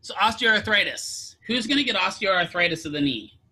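A man's voice: high voice, expressive, normal speed, pushed and bright. A man teaching a physical therapy class, lecturing casually, quizzing students and throwing in jokes. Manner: asks students questions, casual joking asides.

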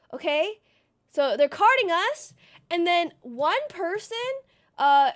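A woman livestreamer telling a story in casual stream chat, full of "like" and acting out what people said. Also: high voice. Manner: chatty storytelling, acts out quotes; many fillers like "like".

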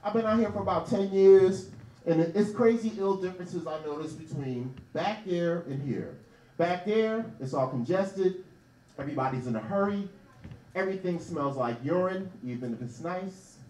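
A man's voice: high voice, expressive, normal speed, dark tone, roomy sound, recorded from a distance, low-quality recording. A man from hosting a comedy night, riffing brashly with lots of profanity. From Philadelphia. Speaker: comedy show host. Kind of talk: stand-up hosting. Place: small comedy bar stage.

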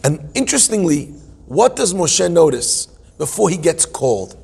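A man's voice: a little high, big pitch swings, moderate pace, gravelly, darkish tone, slightly rough. A man teaching a humorous Torah class in a playful, musing way, full of self-deprecating asides.

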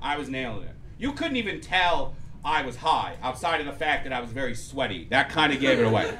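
A man telling a loose, rambling stand-up story on stage, breaking into loud punchlines. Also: medium pitch, very animated, a little fast, a crowd in the background. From Persian heritage. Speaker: stand-up comedian. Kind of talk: stand-up comedy set. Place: comedy club before a live audience. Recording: live club audience laughter.

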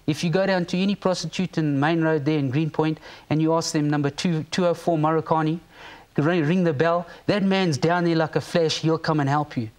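A man's voice: on the high side, steady tone, a little fast. A man from South Africa speaking as a talk show guest, emphatic and fervent, repeating words as he gets worked up. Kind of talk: impassioned studio talk.

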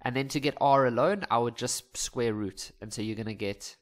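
A young man teaches maths in a loose, conversational way, cracking jokes and laughing at himself as he works through the problems. His voice sits at an ordinary middle pitch and he keeps it relaxed and informal. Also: normal speed, hardly any pauses. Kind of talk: casual maths lesson over worked examples.

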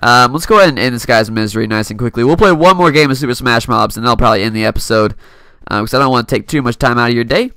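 A man's voice: mid-range voice, quick pace, sharp tone, clean tone, no echo, studio quality. A young man giving casual gameplay commentary from his computer, playful and laughing often, taunting opponents as he plays. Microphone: desk mic.

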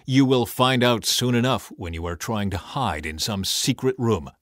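A man's voice: medium pitch, lively intonation, moderate pace, a bit bright, no echo, studio quality, natural voice. Micaiah, a man reading as a stern prophet. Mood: firm. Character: defiant male prophet, stern and unbending.

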